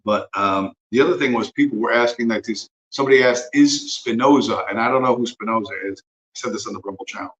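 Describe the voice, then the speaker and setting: A man's voice: mid-range voice, fast talker, reverberant, poor audio. A man hosting a livestream, talking in a profane, rambling, sarcastic way. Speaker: livestream host. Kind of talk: casual rambling commentary.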